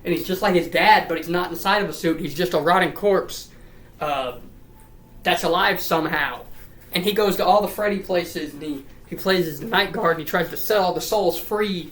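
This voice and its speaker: A man's voice: high voice, normal speed, a bit bright, echoey room. A man rattling through a comedic lore summary, rambling and profane, with repeats and silly put-on voices. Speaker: lore recap commentator.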